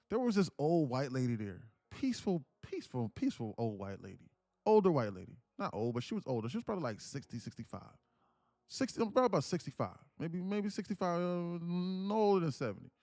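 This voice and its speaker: A man's voice: a little high, big pitch swings, a little fast, warm tone, dry recording, studio quality. A man hosting a casual livestream, telling a story in a rambling, repetitive way and laughing as he goes. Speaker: livestream trading host.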